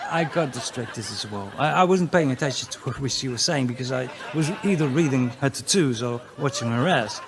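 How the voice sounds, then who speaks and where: A man's voice: mid-range voice, normal speed, few pauses, some chatter behind, a little hiss or hum. A man from the Netherlands, delivering a bawdy, self-mocking stand-up monologue as a conference speaker.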